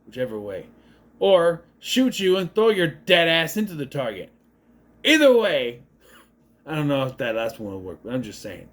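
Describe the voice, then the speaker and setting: A man's voice: a little high, big pitch swings, normal speed. A man casually recapping a horror movie, exasperated and sarcastic, swearing as he goes. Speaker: movie reviewer.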